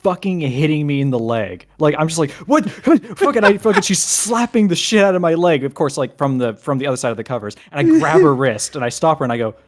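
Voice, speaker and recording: A man's voice: a little high, a little fast, hardly any pauses. A man telling a funny anecdote in casual podcast chat, with lots of swearing. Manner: animated anecdote teller, swearing. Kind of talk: casual storytelling.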